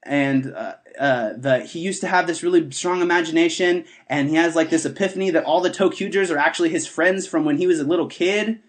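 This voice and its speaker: Slightly high-voiced man recapping a show. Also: a little fast, few pauses. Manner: rambling, profane, jokey storytelling. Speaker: podcast co-host. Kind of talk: casual podcast chat, recapping a TV episode.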